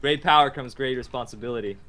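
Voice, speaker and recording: A man's voice: medium pitch, quick pace, bright, forceful tone. A man co-hosting a casual podcast over a video call, easygoing and self-deprecating. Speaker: podcast co-host.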